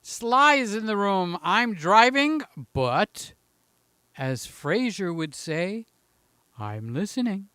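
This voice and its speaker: A man's voice: high voice, big pitch swings, slow pace, bright, forceful tone, smooth, no room sound, clean studio sound. A man in his late sixties hosting a live stream, chatting casually and greeting viewers by name in a rambling way. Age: 60s. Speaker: livestream host.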